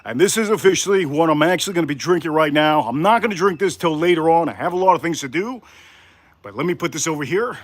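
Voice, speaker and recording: A man's voice: on the high side, lively intonation, quick pace, no room sound. A man hosting a casual live cooking stream from his home kitchen, out of breath from crouching while he talks to his viewers. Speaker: livestream cooking host.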